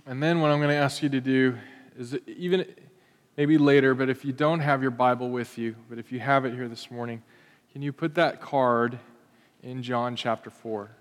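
A man leading his congregation as pastor, giving calm, gentle instructions. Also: medium pitch, moderate pace. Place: church auditorium. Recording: reverberant hall sound.

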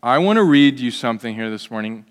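A man preaching a conversational sermon as pastor, animated, with humorous asides. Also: mid-range voice, fast talker, clean tone, big-room sound.

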